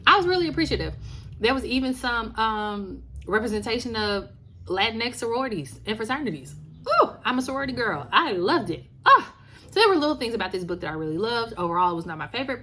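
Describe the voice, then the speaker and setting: A woman from Louisiana chatting casually to viewers as she reviews books on her channel, animated and talking straight to the camera. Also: fairly high pitch. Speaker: book vlogger. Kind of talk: casual book review chat.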